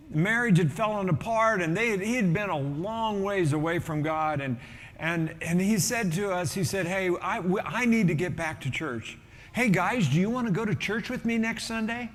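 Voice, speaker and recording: A middle-aged man, a pastor, telling a story in a sermon with lively energy and acting out the voices of people in it. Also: sits high, moderate pace, in a large hall. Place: church auditorium.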